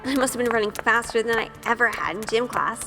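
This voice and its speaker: A shy, nervous young woman, voiced by an actress, tells her story in an earnest inner monologue, often questioning herself. Her voice sits a little high and carries a long reverb, with soft music underneath. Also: fast, close to an everyday voice. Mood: self-conscious. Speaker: narrator. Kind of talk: first-person audio drama narration.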